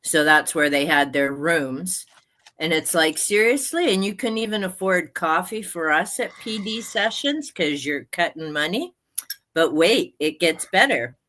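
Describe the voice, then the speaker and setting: A woman in her sixties hosting a livestream, chatting casually and laughing often in a slow, drawn-out way. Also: lowish voice, lively intonation, a bit bright. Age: 60s. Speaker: livestream host. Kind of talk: casual chat.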